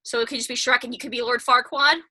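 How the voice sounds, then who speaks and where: A woman's voice: on the high side, fairly even intonation, quick pace, pushed and bright. A young woman co-hosting a podcast in casual, giggly chat. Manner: giggly and chatty. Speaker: podcast co-host.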